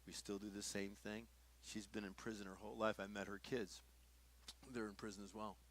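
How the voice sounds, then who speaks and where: An older pastor preaches to a workshop audience in a low voice. He tells stories and acts out the dialogue, getting louder and softer as he goes. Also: little pitch movement, brisk, slight background noise. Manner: storytelling, acting out dialogue with shifts in loudness. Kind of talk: sermon teaching at a workshop.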